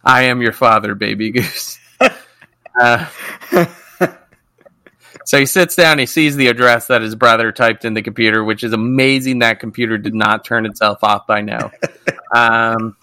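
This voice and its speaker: A man's voice: medium pitch, normal speed, long pauses, pushed and bright, clean tone, no echo. A man co-hosting a podcast, casually recapping a TV episode, swearing freely and acting out the characters' lines. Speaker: podcast co-host.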